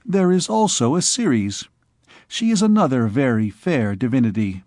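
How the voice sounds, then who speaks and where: A man reads as a scheming royal physician, slow and pompous, wheedling favors out of his patient. The voice is a touch lower than plain reading but of middling pitch, captured dry and close. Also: lively intonation, darkish tone, no echo, lightly acted. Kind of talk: audiobook character reading.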